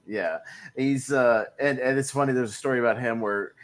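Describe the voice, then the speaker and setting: A man's voice: medium pitch, normal speed, over a noisy crowd. A man hosting a casual movie podcast, rambling with many fillers and frequent laughs. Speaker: podcast host.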